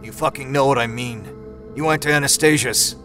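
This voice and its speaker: A man voicing a menacing, unhinged man who talks in low, slow, ominous mutters. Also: music in the background, close to an everyday voice. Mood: angry.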